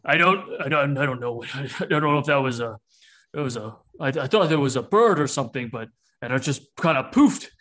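A man's voice: medium pitch, animated, fairly quick, fairly bright tone. A man doing a dim, brutish troll guard. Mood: sheepish. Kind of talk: tabletop game character voice.

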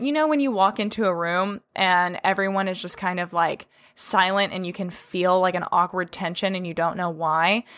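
A woman's voice: medium pitch, fairly bright tone. Chatty woman hosting an animal-training podcast. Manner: chatty, laughs often, acts out quotes. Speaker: podcast host. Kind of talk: casual solo podcast talk.

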